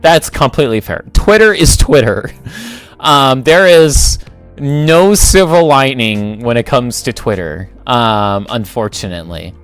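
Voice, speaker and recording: Animated, unhurried man thinking aloud. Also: mid-range voice, smooth, soft background music. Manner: rambling, thinks aloud, self-correcting, chuckles. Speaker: livestream host. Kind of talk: casual livestream commentary while building.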